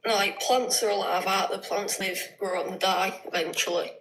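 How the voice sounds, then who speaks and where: A woman's voice: mid-range voice, fairly even intonation, moderate pace, noisy background. Hesitant mumbling English woman caller. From England. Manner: hesitant, mumbling, many fillers. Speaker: guest caller. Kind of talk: casual chat.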